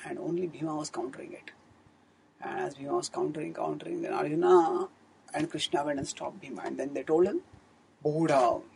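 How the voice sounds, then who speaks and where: A man's voice: fairly high pitch, steady tone, fairly quick, gravelly, a little mellow, slight background noise, low-quality recording. A man giving a scriptural storytelling discourse as a spiritual teacher, in an earnest manner, often correcting himself. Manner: earnest, fluent retelling with frequent self-corrections.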